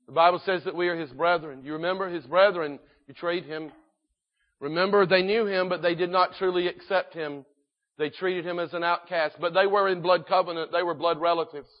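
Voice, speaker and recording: A man delivers a sermon with a slightly high voice, earnest and emphatic, slowing down and rising in volume to press his points. The recording is muffled, like an older lo-fi church tape. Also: fairly even intonation. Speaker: preacher.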